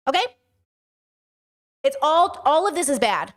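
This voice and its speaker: A woman's voice: high-pitched, very animated, measured pace. A woman hosting an opinionated commentary stream, talking bluntly and hammering her points home by repeating them. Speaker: streamer and host.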